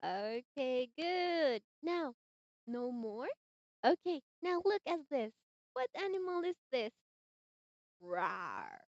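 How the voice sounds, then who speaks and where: A young woman teaching English online to a child, slow, sing-song and encouraging, on a dull lo-fi call mic. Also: high voice, expressive, darkish tone, no echo. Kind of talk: demo lesson for a young learner. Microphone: computer mic on a video-call platform. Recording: dull, dry lo-fi call audio.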